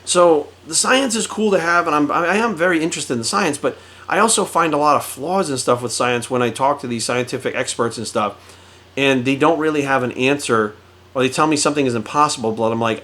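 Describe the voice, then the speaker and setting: A middle-aged man with a voice pitched a little above the usual male range holds forth on fitness and bodybuilding. He swears freely and speaks bluntly. He tells his stories by acting out both sides of the conversation. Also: a little fast, a bit bright. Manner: blunt, heavily profane, storytelling with quoted voices. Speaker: fitness coach. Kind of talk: profane direct-to-camera rant.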